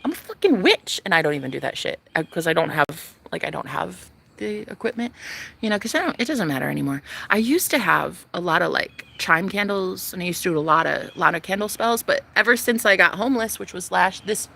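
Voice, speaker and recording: A young woman talking to camera in a casual vlog, sassy, profane and dramatic, swinging between loud outbursts and hushed asides. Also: on the low side, big pitch swings, brisk, vocal fry. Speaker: vlogger.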